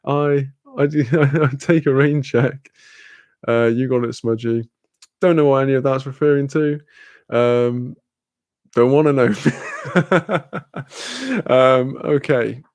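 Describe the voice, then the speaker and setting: A man's voice: mid-range voice, fairly even intonation, slow, pauses often, a little mellow, no echo. A man hosting a livestream, casually reading the chat aloud, laid-back, laughing often and swearing freely. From Wales. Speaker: livestream host.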